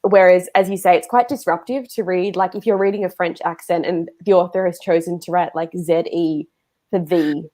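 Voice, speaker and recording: A woman's voice: lowish voice, steady tone, normal speed, warm tone. A woman hosting a livestreamed talk, chatty and friendly, heard through a video call mic. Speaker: event host.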